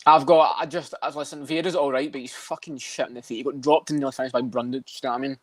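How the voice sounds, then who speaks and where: A man's voice: mid-range voice, steady tone, fast talker, no echo. A man co-hosting a casual podcast, swearing often and laughing as he rambles. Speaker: podcast co-host. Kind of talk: casual chat about MMA.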